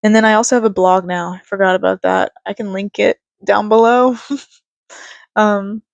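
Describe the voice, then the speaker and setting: A woman's voice: mid-range voice, fairly even intonation, moderate pace, creaky, no room sound, muffled recording. Chatty young woman, congested, dry sound. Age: young adult. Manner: rambling and chatty, with frequent laughs and fillers. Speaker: vlogger. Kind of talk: casual reflective talk to camera.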